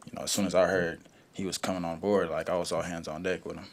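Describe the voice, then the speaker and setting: A young man with a low, deep voice answers press questions as a college football player. He talks in a laid-back way, leaning on "you know" and "um" as he gathers his thoughts. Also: fast talker. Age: young adult. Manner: relaxed, leans on "you know" and "um" fillers.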